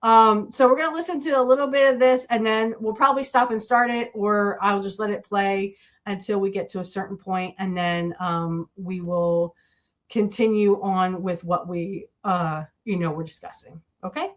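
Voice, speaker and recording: A woman speaks in a loose, conversational way, hosting a podcast. She wanders through her thoughts with plenty of fillers and corrects herself as she goes, at an ordinary pitch. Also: fairly even intonation, moderate pace. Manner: chatty, rambling with fillers and self-corrections. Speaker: podcast host. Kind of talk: casual podcast talk.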